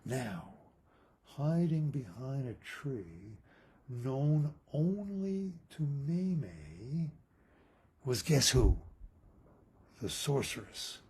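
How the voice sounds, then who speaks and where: A man improvising an animated, playful story. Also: mid-range voice, extremely slow, pauses often, husky.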